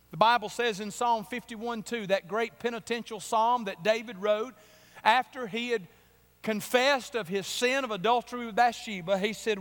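A man preaching a sermon in church, a little hoarse from a cold, telling folksy stories that build into emphatic preaching. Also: sits high, fairly bright tone. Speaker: pastor. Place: church sanctuary. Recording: long reverb of a church hall.

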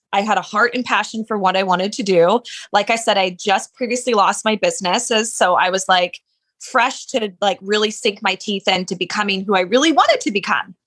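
A woman's voice: mid-range voice, a bit bright. A woman business owner telling her story in a casual interview, chatty and candid, with many "like" fillers. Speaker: handbag designer, business owner.

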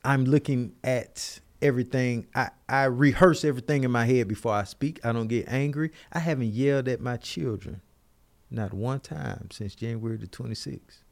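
A man's voice: mid-range voice, moderate pace, gravelly. A man in his forties, a podcast co-host, telling a story in casual chat and acting out what other people said. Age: 40s. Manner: animated, acts out others' lines in his stories.

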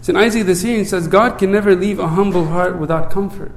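A male priest giving a conversational sermon. He often checks in with "right?", repeats words as he restarts phrases, and drops low and soft when he recites the prayer. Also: a little fast, echoey room, a little hiss or hum.

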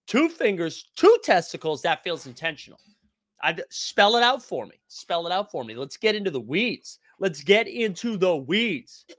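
A young man hosts a casual basketball live stream. His voice is a little higher than most men's and sharply bright, and he talks loud and animated as he answers the chat. The sound is dry and close. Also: moderate pace, no room sound. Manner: loud, animated, yells often; reads and answers chat comments.

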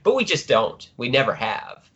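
A man's voice: medium pitch, big pitch swings, normal speed, a bit bright. A middle-aged man speaks as a podcast guest in a mid-range voice, hesitant and thick with fillers. His audio is a little muffled, like an online call. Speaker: podcast guest, naval writer. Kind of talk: casual interview answers.

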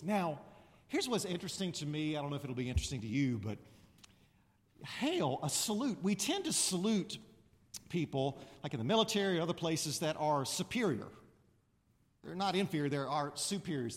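A man preaching a sermon in a conversational, animated way, now and then breaking into loud proclamations. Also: fairly high pitch. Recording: reverberant hall.

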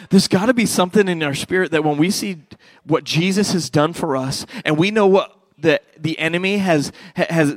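A middle-aged pastor delivers a passionate sermon, rising to loud fervent peaks and dropping to near-hushed appeals. His voice sits a little high for a man. The sound is dry and close, with little room around it. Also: no room sound.

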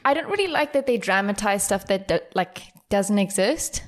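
A woman's voice: medium pitch, expressive, moderate pace. Young woman, chill podcast cohost, easygoing chat. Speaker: podcast co-host. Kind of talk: casual chat.

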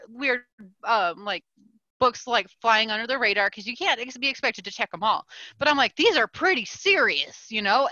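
A woman co-hosting a podcast, telling a story in an animated, swearing rant full of "like". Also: fairly high pitch, no room sound, lo-fi sound. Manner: animated ranting with lots of "like" and swearing. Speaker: podcast co-host. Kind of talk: casual chat, storytelling.

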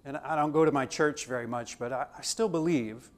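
A man's voice: medium pitch, a little fast. A man teaching a theology class, talking conversationally and acting out dialogue from his own stories. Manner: conversational, acts out dialogue in anecdotes. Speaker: theology lecturer.

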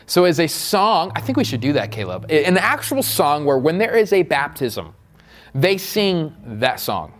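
A man's voice: on the high side, sing-song, moderate pace, fairly bright tone, soft background music. A male pastor giving a sermon, chatty and joking at first, then building into fervent, repeated calls.

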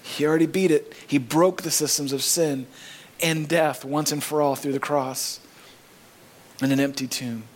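Male pastor mid-sermon in church, earnest, lifts his voice on key phrases; a somewhat higher voice. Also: fairly even intonation, moderate pace. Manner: earnest preaching, rising emphasis on key phrases.

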